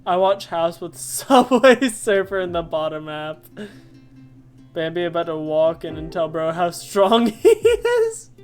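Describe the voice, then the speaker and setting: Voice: medium pitch, measured pace, faint music behind. A streamer chatting casually during a live game stream, telling stories with frequent laughter. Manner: giggly, animated storytelling.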